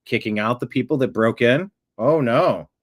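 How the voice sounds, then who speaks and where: A man's voice: mid-range voice, normal speed. A man hosting a commentary show, reacting to a video clip in a sarcastic, mocking way.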